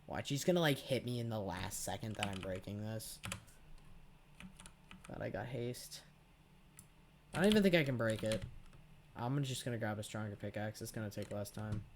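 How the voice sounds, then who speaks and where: A man's voice: mid-range voice, darkish tone, a little hiss or hum. A teenage boy giving casual, profane, rambling commentary over his own gameplay, full of sarcastic asides. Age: teens. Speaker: gaming channel host.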